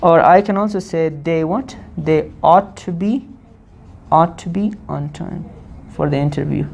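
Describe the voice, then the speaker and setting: Woman teacher going over grammar, lowish voice, keeps asking "what?" then answering, bit of hiss behind. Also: creaky, a little mellow, highs cut off. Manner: asks the class questions and answers them herself; repeats and spells out forms slowly. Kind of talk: classroom grammar lesson.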